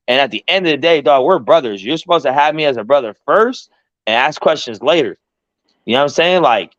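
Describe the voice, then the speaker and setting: A man hosting a casual talk show, telling a story in an animated, profane way and acting out the voices of the people in it. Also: on the high side, dry recording, highs cut off. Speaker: podcast host.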